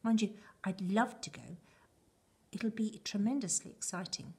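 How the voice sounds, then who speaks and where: A woman reading aloud and voicing a gentle, thoughtful father who speaks quietly, in a breathy voice. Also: medium pitch, measured pace, pitched above the performer's own voice.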